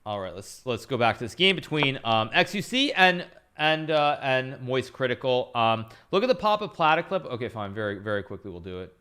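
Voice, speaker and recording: A man's voice: medium pitch, sing-song, brisk, hardly any pauses, sharp tone, clean tone. A man streaming live, chatting casually as he analyzes chess games, rambling and repeating himself as he talks. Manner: thanks viewers for subscriptions between moves.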